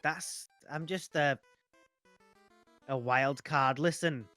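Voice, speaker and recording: A man playing a tabletop role-play game, excitable and playful, jumping into character. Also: a little high, slow, no room sound, soft background music. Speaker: player, podcast host.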